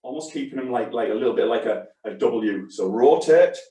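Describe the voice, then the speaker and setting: A man's voice: mid-range voice, lively intonation, a little fast, mellow. Guy fitness instructor calling out reps, chatty and upbeat, mic far off in a big echoey room. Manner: chatty, encouraging, short exercise cues. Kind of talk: live fitness class coaching.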